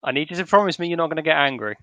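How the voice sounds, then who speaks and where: Male player, apologetic and sheepish; bright, tense voice. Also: a little high, expressive, very fast, no room sound, muffled recording. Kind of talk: in-character play at a tabletop game.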